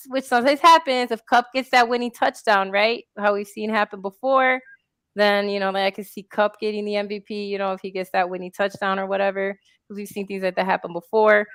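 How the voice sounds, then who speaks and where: A woman's voice: mid-range voice, clear, resonant tone, dry recording, studio quality. A woman co-hosting a casual football chat, talking loosely with plenty of fillers and laughing often. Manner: laughs often, relaxed filler-heavy talk. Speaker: co-host.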